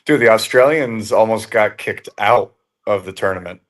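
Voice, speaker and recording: A man from the United States, a fight promoter, chatting casually and telling stories with lively swearing. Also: on the low side, normal speed. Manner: animated, swears freely, tells stories. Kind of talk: casual chat.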